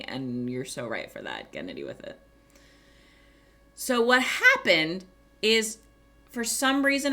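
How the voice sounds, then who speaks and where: A woman streamer telling a story in casual chat, animated, swearing and laughing often. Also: lowish voice.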